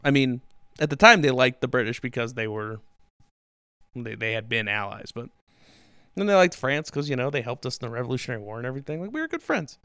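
Male podcast host, casual storyteller; smooth, resonant voice with a lively, swinging pitch; dry, close sound. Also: fast, no echo. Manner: animated, swears, acts out quotes in silly voices.

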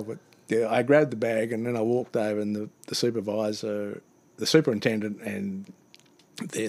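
A man telling a funny work anecdote in a casual chat, acting out the other voices and laughing often. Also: medium pitch. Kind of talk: casual storytelling.

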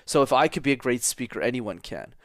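A man's voice: medium pitch, expressive, fairly quick, no room sound. Confident male speaking coach, dry sound. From Canada. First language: French. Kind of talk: podcast interview answers.

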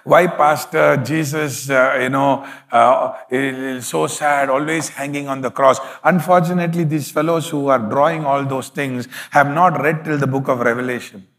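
A man's voice: mid-range voice, steady tone, moderate pace, few pauses, a bit bright, long reverb tail. A man preaching a sermon as pastor, emphatic, with frequent hallelujahs.

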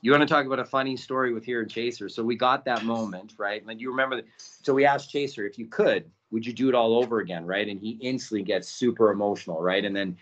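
A man talking as a podcast guest and documentary producer, telling stories in a casual, animated way and acting out quotes, with many "right?" tags. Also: medium pitch, fast talker. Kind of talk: casual storytelling. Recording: dull lo-fi audio.

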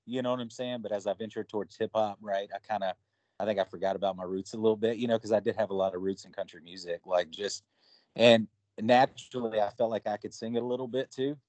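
A man chats about his music in a loose, rambling way, full of fillers and retold conversations. His voice sits on the low side. The recording is dry and a little muffled. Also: fairly even intonation, quick pace, a little mellow, no echo. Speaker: guest musician. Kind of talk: casual interview talk.

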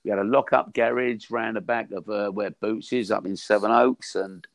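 A man's voice: fairly low pitch, steady tone, moderate pace, vocal fry, dry recording. An older man, a boxing trainer chatting and telling salty stories in an interview. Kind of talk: casual reminiscing interview.

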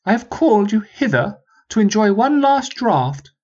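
A man's voice: high voice, sing-song, normal speed, a little mellow, dull audio, voice pushed up. A man voicing a pompous posh sergeant who stutters on his D's and P's and speechifies grandly.

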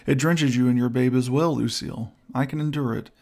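Gentle young noblewoman in a storybook, read by a man, earnest, gravelly. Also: mid-range voice, brisk, close to an everyday voice. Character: young gentle high-born woman.

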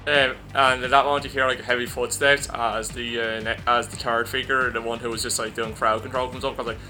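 A man's voice: medium pitch, little pitch movement, a little fast, few pauses, bright, forceful tone, faint music behind. A man narrating a tabletop game as game master in a casual way.

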